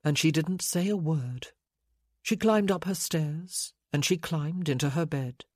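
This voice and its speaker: A woman narrating an audiobook in a measured, unhurried reading. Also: deep voice, darkish tone, husky, dry recording, clean studio sound.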